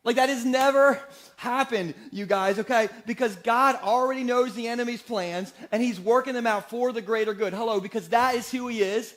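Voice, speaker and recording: High-voiced joking pastor. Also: male voice, normal speed. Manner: energetic, joking, asks the congregation questions. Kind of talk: sermon. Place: church sanctuary.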